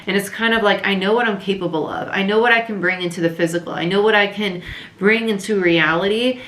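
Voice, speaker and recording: A woman giving a casual, chatty tarot reading to camera, thinking aloud with fillers, a little hoarse. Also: medium pitch, fast talker, a bit bright, echoey room. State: slightly losing her voice. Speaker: tarot reader.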